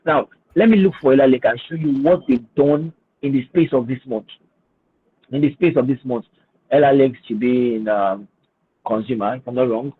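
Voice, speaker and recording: Husky man on a tinny call line. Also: mid-range voice, normal speed. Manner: hesitant, repeats words, then explains with emphasis. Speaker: guest speaker on finance. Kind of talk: webinar talk with screen share. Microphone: video call.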